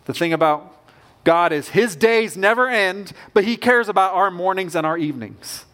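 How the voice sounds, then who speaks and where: A man's voice: high voice, lively intonation, moderate pace, bright, forceful tone. A man preaching a sermon as pastor, earnest and emphatic, with rising bursts of conviction.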